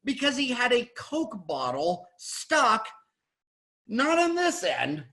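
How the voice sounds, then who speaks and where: Middle-aged American dentist host, high bright voice, blunt and rambling, video call. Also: male voice, wildly swooping pitch, slow, low-quality recording. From USA. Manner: blunt, rambling and emphatic with many restarts. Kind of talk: opinionated panel discussion.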